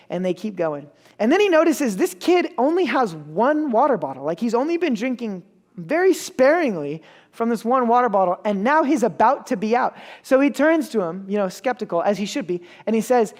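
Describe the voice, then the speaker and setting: A young male preacher with a high-pitched voice and big pitch swings speaks fairly quickly. In his sermon he tells a story casually, mocking himself and acting out the people in it.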